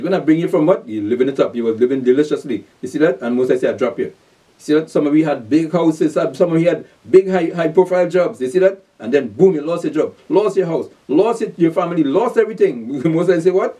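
A man preaching a scripture lesson, animated and repeating rhetorical questions to his listeners. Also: on the high side, fast, far from the mic. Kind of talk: scripture teaching.

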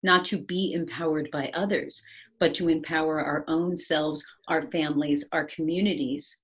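A woman's voice: deep voice, fairly even intonation, normal speed, husky. A woman giving a conversational talk on resilience over a video call, reflective and often checking in with the listener. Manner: reflective, frequently checking in with "right?". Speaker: speaker on resilience and change.

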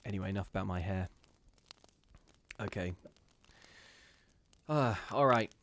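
A man hosting a live stream, reading ghost stories and chatting casually in a giggly, rambling, animated way. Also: lowish voice, measured pace.

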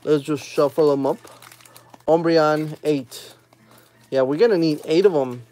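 A man hosting a live stream, opening trading card packs with excited casual commentary, humming while he opens them and chatting with viewers. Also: a little high, measured pace. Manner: chats with viewers and reads their comments aloud.

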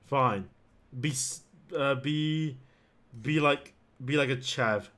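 Uk guy streaming a horror game, bright voice, jokey and excitable. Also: mid-range voice, slow. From United Kingdom. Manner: joking, excitable, bursts of loud surprise. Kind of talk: casual chat over gameplay.

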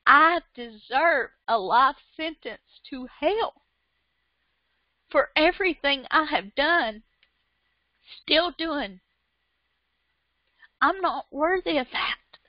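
A woman with a high voice preaches a sermon at an unhurried pace, fervent and animated, her emotion swelling into repeated praises. The recording is dry and close with no echo, and it sounds dull and lo-fi.

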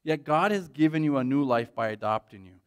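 A man preaching a sermon in a church, animated and conversational, often checking in with "right?". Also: mid-range voice, brisk, clean tone. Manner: animated, frequent "right?" tag questions. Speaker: pastor.

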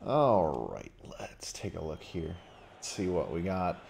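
Casual low-voiced play-by-play man. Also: measured pace, creaky, slight background noise. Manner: casual, rising excitedly on goals. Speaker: match commentator. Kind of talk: play-by-play sports commentary.

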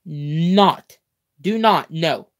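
On a livestream, a young man with a fairly high voice reads a comic book aloud at an unhurried pace, playful and theatrical with mock-grand exclamations. He stretches out words, stumbles and corrects himself, and drifts into chatty asides before returning to the page.

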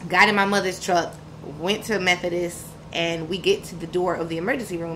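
A woman's voice: fairly low pitch, steady tone, fairly quick, background noise. A woman, telling her own story as a podcast guest in a frank, emphatic, slangy way. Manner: frank and emphatic, slangy, vivid retelling with quoted dialogue. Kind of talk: candid personal storytelling.

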